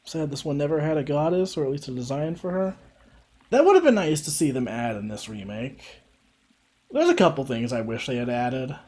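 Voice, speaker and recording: A man's voice: a little high, lively intonation, a little fast, darkish tone. A man streaming a farming game, rambling casually with many fillers and frequent laughs. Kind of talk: casual gameplay commentary.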